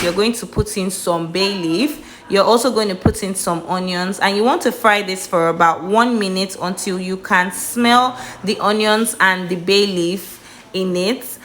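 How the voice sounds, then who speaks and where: A woman's voice: medium pitch, a bit bright, a little hiss or hum. A woman with a Nigerian accent, talking through a cooking tutorial in a chatty, emphatic, playful way. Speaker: cooking vlogger.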